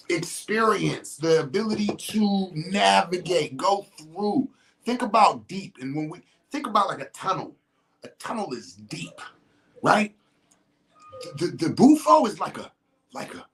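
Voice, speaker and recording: A host giving a casual monologue, emphatic and slangy, with blunt profanity and big swings in pitch. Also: gravelly, fairly bright tone, slight background noise.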